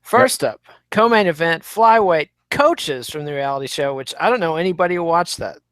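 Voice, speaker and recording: A man co-hosting a podcast. He talks in a measured, wry, analytical way. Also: fairly high pitch, animated, a bit bright, clean tone, no echo. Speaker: podcast co-host. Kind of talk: casual chat.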